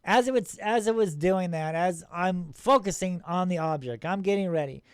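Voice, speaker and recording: A man hosting a paranormal channel, narrating his own video footage in an excitable, rambling way, with many restarts and chuckles, and scoffing at skeptics. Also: high-pitched, normal speed, smooth, no echo, studio quality. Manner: incredulous toward skeptics.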